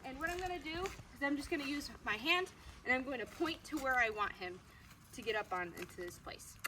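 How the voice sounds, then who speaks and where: A woman dog trainer explaining a training demonstration in a friendly way, breaking into high-pitched, excited praise for the dog. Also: fairly quick. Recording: noisy background ambience.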